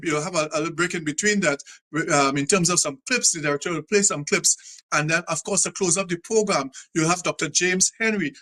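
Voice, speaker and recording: A man's voice: high voice, sharp tone. A Trinidadian man hosting a live talk show, repeating himself as he rouses his audience to love their country. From Trinidad and Tobago. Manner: preachy, repetitive, rousing the audience.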